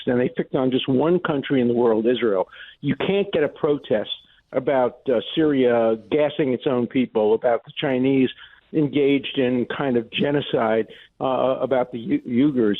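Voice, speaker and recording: An older man calls in as a guest on a talk show, and the sound is dry and tinny like a phone line. He speaks in an ordinary middle register with forceful, indignant emphasis and stacks his points in pounding repetitions. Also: medium pitch, no room sound. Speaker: guest, law professor. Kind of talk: phone-in interview.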